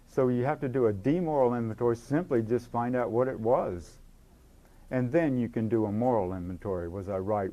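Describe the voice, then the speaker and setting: A man's voice: fairly low pitch, dark tone. Earnest man giving a recovery talk. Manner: earnest, repeats words, acts out inner voices. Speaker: recovery conference speaker.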